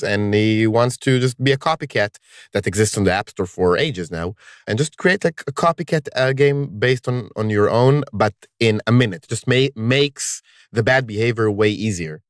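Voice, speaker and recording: A man hosting a podcast in casual conversation, speaking emphatically and lifting his pitch on key words. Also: moderate pace, dry recording, clean studio sound. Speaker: podcast host.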